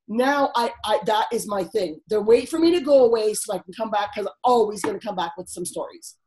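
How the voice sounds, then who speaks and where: A woman caller telling stories on a coaching call, animated and casually swearing, with many restarts. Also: a little high, low-quality recording.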